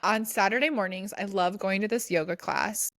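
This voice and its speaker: A woman's voice: medium pitch, moderate pace, a bit bright, no room sound. A woman co-hosting a podcast, telling a story in a casual, rambling way with lots of restarts. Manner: chatty, rambling with many restarts and "like". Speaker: podcast co-host. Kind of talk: casual chat.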